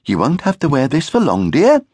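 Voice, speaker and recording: A man's voice: medium pitch, wildly swooping pitch, unhurried, husky, dry recording, pitched above the performer's own voice, exaggerated voice. A man voicing a fussing mother rabbit. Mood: fond, fussing. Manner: fussing, gently scolding. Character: worried doting mother rabbit. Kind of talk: audiobook character voice.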